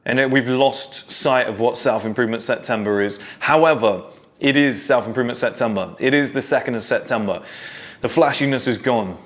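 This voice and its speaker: A man's voice: mid-range voice, brisk. A man giving a blunt, profane motivational monologue to his followers. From United Kingdom. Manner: blunt, profane, pep-talk. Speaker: self-improvement creator.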